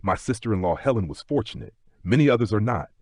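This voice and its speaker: A man voicing a reserved, perceptive aristocratic Englishman who speaks in a measured, low and deliberate way. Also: expressive, darkish tone, husky, no echo, studio quality. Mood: grave.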